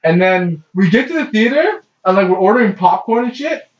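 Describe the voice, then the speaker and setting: Young man with a high voice, echoey. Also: lively intonation, fairly quick. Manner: laid-back, swearing storytelling. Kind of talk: casual chat. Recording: distant, echoey, muffled.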